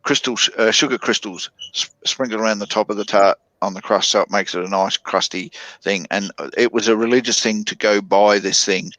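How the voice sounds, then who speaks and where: Rambling Australian man, low voice. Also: fairly even intonation, fairly bright tone, no echo. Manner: rambling, drawn-out storytelling with many fillers. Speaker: guest on a chat stream. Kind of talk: casual chat. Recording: dull lo-fi online call audio.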